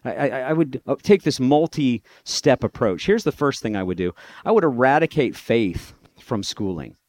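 A man's voice: mid-range voice, a little mellow, no room sound, studio quality. A middle-aged man giving a sarcastic talk to a live audience, mimicking other people's voices. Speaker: speaker addressing a live audience.

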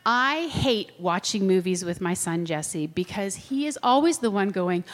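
Animated woman teaching in a reverberant hall. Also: mid-range voice, unhurried, hardly any pauses. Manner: animated, checks in with listeners often. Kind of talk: classroom lecture with personal anecdotes.

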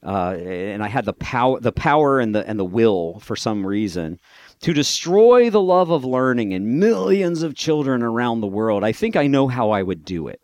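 Middle-aged male speaker, sarcastic, animated, dry close recording. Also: mid-range voice, moderate pace, dry recording. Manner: sarcastic, animated, mock voices for others. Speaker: speaker addressing a live audience. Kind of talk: sarcastic talk to an audience.

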